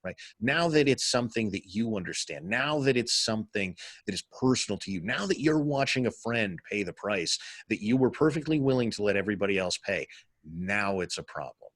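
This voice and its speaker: A man in casual political chat on a podcast, talking in a measured way and reasoning aloud. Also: on the low side, lively intonation, a bit bright, no room sound, clean studio sound.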